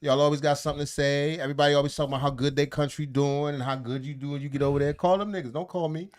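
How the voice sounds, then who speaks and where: A man co-hosting a podcast in casual chat, animated and jokey, often acting out the people he talks about. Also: a little high, racing, smooth. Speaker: podcast co-host.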